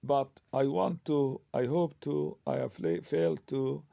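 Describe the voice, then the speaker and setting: A man with an Arabic accent teaching English grammar, speaking slowly and hesitantly with many fillers and self-corrections. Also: medium pitch, big pitch swings, vocal fry, warm tone. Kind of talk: grammar lesson.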